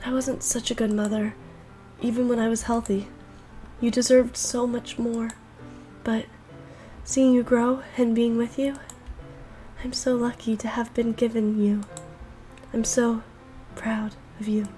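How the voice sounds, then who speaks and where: Soft loving sick mother, read by a woman. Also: a little high, level tone, a little slow, long pauses, faint music behind, close to an everyday voice. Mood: tender.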